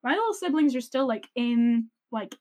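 High, lively young woman telling a story. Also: normal speed, a little hiss or hum. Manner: animated, laughing storyteller with many "like"s. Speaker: podcast co-host. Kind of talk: casual storytelling chat.

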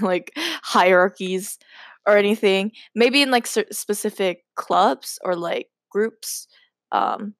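A woman's voice: medium pitch, no echo, studio quality. A woman hosting a podcast, reading her old story aloud and breaking in with giggly, self-mocking asides. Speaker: podcast host.

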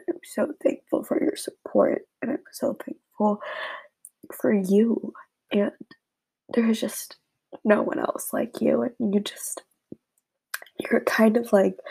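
A young woman giving a rambling, halting, heartfelt message to her friends, half-whispered and close to tears. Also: medium pitch, creaky, darkish tone, husky, rough recording. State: tearful, close to crying. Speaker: vlogger addressing friends.

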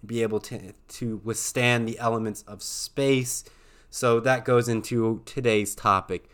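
A man's voice: mid-range voice, fairly bright tone, clean tone. A young adult man hosting a casual solo talk, rambling loosely with many fillers. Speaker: podcast host.

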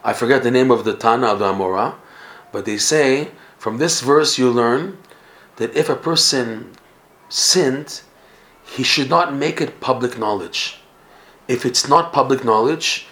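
A man tells a Torah story to a class, his delivery animated and full of Hebrew and Yiddish words. His voice sits in a middling range. The room around him rings with echo. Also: mid-range voice, unhurried. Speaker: Torah teacher. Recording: echoey room.

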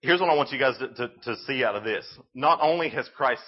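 A man giving a youth sermon, telling the story in an animated, casual way with lots of "like"s. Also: medium pitch, a little fast, muffled recording. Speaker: youth speaker.

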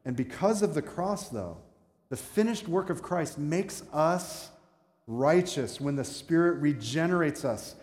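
A man's voice: fairly high pitch, a little mellow. A man preaching a sermon as pastor, telling stories with self-mocking asides and shifting from playful to earnest. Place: church sanctuary. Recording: echoey hall with long reverb.

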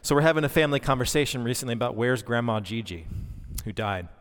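A man's voice: medium pitch, expressive, fast talker, a bit bright. Pastor, male, thirties, earnest conversational sermon, voice ringing in a reverberant hall. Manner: earnest, conversational preaching with fillers.

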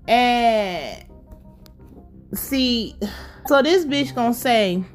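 A woman with a fairly high voice tells what happened in a TV episode in casual talk. She is animated and profane, and she laughs often as she goes. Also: drawn-out words, faint music behind. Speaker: show recap vlogger.

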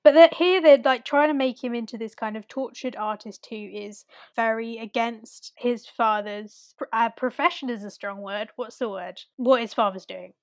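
A woman's voice: fairly high pitch, no room sound. Dry, close-miked woman chatting. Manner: fast and loose, filler words, lively retellings. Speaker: podcast co-host. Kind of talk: casual chat.

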